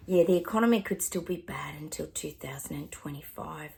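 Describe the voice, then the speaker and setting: A woman's voice: low-pitched, lively intonation, moderate pace, vocal fry, few pauses, a little mellow. An Australian woman, middle-aged, chatting through psychic predictions in a rambling way with lots of ums and asides. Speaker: psychic medium. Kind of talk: casual livestream predictions.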